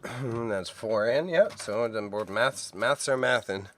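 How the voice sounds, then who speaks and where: A man, chatting casually on a co-working stream and thinking aloud as he works, sounding a little phlegmy and clearing his throat. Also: mid-range voice, slow pace, slight background noise. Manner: relaxed, self-mumbling, thinks aloud while typing. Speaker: streamer and reseller. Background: keyboard typing.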